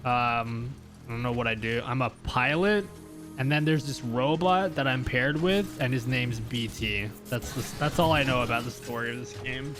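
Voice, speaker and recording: A man's voice: mid-range voice, normal speed, music in the background. A young man chatting casually on a gaming live stream, rambling with lots of "like" and "um" and laughing often.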